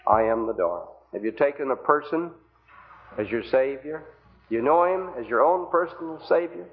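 A man's voice: fairly high pitch, expressive, normal speed. A man preaching an evangelistic sermon, pleading earnestly with the congregation through rhetorical questions. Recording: tinny phone-like old recording.

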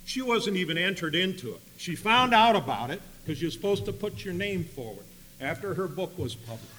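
Male preacher, bright and slightly high voice, long hall reverb, loud bursts and hushed asides. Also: sing-song, moderate pace. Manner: swings between loud emphatic bursts and quiet asides. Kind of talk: sermon storytelling.

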